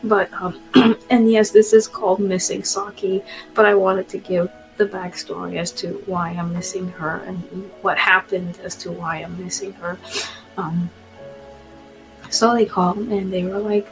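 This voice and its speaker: A woman's voice: mid-range voice, fairly even intonation, normal speed, faint music behind, low-quality recording. A woman telling a personal story in a rambling, apologetic way, tearful at times and laughing between lines. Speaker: pet owner sharing a personal story.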